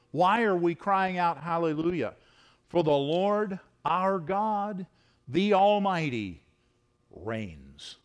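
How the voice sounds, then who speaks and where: A male pastor preaching an expository sermon, reading scripture aloud and acting out quoted voices. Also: fairly high pitch. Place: church sanctuary.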